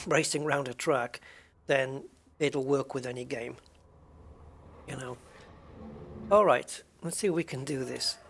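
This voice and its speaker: A middle-aged man streaming a game, chatting casually with viewers, rambling and chuckling as he goes. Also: medium pitch. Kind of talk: casual live-stream chat while playing.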